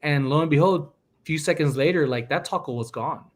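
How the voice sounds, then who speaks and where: A man's voice: on the high side, brisk. A man hosting a podcast, chatting casually and acting out the people in his stories. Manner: animated storyteller acting out quoted people. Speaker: podcast host. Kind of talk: casual chat.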